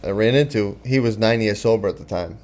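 A man in his thirties from Boston, with a Boston accent, telling his story in halting, casual talk that repeats words. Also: on the low side, darkish tone. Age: 30s. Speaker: podcast guest in recovery.

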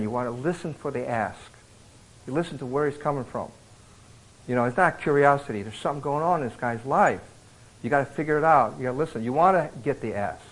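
A middle-aged man giving a conversational sermon at a retreat, telling stories in a folksy, animated way with many fillers and restarts. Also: a little high, rough recording. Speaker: retreat speaker. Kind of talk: conversational sermon with acted anecdotes.

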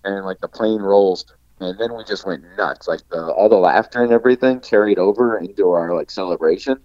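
A man's voice: low voice, a little fast, no room sound. A man, an actor guest on a podcast, telling a long anecdote casually and animatedly, full of "like" fillers. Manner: animated storyteller, heavy use of "like" fillers. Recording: dull lo-fi dry sound.

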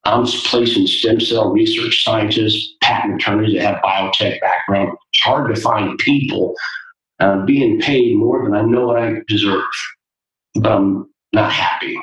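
A man, a youth basketball coach, speaking as a guest in an interview. He tells stories in an earnest, preacherly way with a low voice. The sound is roomy and echoing, a little distant from the mic. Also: steady tone, a little slow, a bit bright. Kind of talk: interview storytelling.

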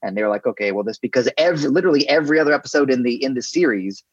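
A man's voice: mid-range voice, rapid-fire, slightly rough, no echo, highs cut off. A man co-hosting a casual podcast chat, retelling scenes and acting out the lines in playful voices. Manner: animated, acts out scenes in put-on voices. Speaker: podcast co-host.

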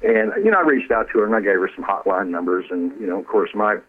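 A man, an author who trained as a counselor, speaking earnestly and haltingly in a radio interview, often repeating words. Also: on the low side, wildly swooping pitch, gravelly. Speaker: author and former counselor, guest. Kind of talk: radio interview over the phone. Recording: tinny phone line.

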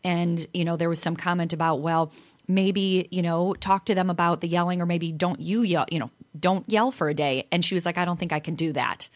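A woman's voice: on the low side, steady tone, fairly quick, no room sound. Chatty Chicago woman co-host. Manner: chatty, argumentative. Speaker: podcast co-host. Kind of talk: casual interview and chat.

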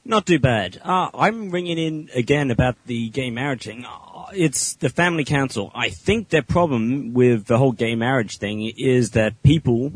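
A man from Australia with an Australian accent, calling in calmly to give his opinion. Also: medium pitch, normal speed, hardly any pauses, husky, no echo, poor audio. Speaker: caller.

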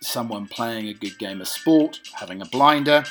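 A man's voice: medium pitch, moderate pace, hardly any pauses, fairly bright tone, soft background music. A man hosting a casual show, reading items one by one with enthusiastic asides. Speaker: host. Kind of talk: casual read-through of lists.

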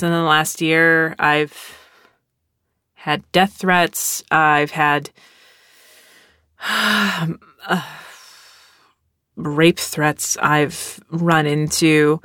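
A woman's voice: sits low, fairly even intonation, drawn-out words, pauses often, pushed and bright, clean tone, dry recording, studio quality. Rambling sarcastic woman podcast host. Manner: rambling, sarcastic, many fillers. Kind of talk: casual solo podcast talk.

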